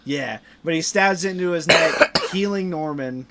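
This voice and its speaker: A young man hosting a podcast, excitedly retelling movie scenes in casual chat, swearing and acting out lines. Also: on the high side, moderate pace, heavy background noise. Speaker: podcast host.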